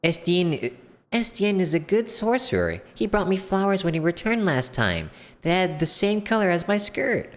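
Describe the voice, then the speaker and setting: A man voicing a dreamy, naive little girl in a fan game voice-over, soft and innocent. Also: high-pitched, very animated, normal speed, in a large hall, pitched above the performer's own voice. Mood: earnest.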